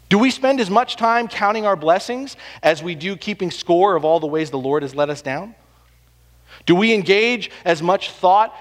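A man with a high voice preaches a sermon, firing off rhetorical questions and swinging from hushed, drawn-out phrases to loud emphasis. His voice rings with the long reverb of a church hall. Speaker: pastor.

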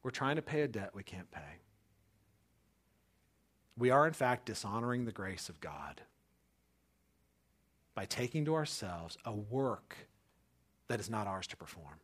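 A man's voice: fairly low pitch, very animated, a little slow, pauses often, a bit bright, breathy edge. A man in his thirties, a pastor, telling a personal story in a casual way and then preaching with emphatic, building conviction.

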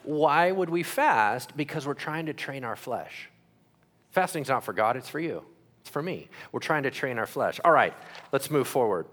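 A man preaching a sermon as pastor, asking the crowd questions and acting out quick voices. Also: mid-range voice, a bit bright.

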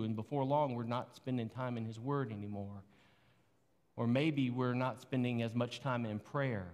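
Conversational preaching man in an echoey hall. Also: mid-range voice. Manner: earnest, conversational preaching with rhetorical questions. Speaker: pastor. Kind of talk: sermon.

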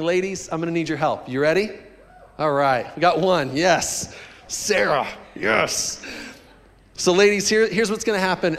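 A male pastor with a fairly high voice preaches in an animated, playful way, bantering straight with the congregation. His voice rings out in a church sanctuary with a long, trailing reverb. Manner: animated, joking, talks directly to the congregation. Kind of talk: sermon.

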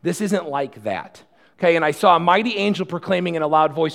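A man preaching a sermon in a conversational style, swinging from loud, fast passages to quiet, slow ones. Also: fairly high pitch. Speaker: pastor.

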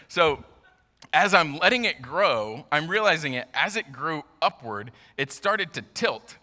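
A man's voice: a little high, big pitch swings, unhurried, bright, forceful tone, long reverb tail. A man giving a casual sermon, chatty and self-deprecating, with joking asides.

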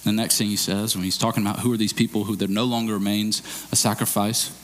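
A man preaching a sermon as pastor, explaining a scripture passage and acting out bits of dialogue in a raised, excited voice. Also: lowish voice, fast. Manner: animated, acts out dialogue in raised voice.

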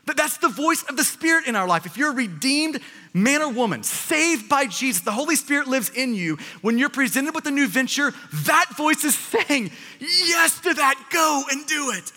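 A man preaching a sermon, animated, often repeating words as he presses a point. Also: extremely high pitch, moderate pace, long reverb tail. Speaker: pastor.

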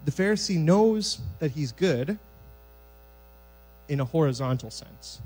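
A man preaching a sermon in a church sanctuary, conversational and lively, acting out scenes from scripture. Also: a little high, measured pace, soft background music, poor audio.

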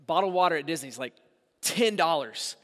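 A man in his thirties preaching a sermon as pastor, animated, swinging between hushed asides and loud emphasis. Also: on the high side, moderate pace. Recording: long reverb of a large hall.

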